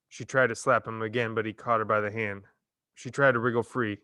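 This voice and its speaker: A man reading a novel chapter aloud in a measured, expressive storytelling manner. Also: on the low side, no room sound, clean studio sound. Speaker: reader. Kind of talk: audiobook narration.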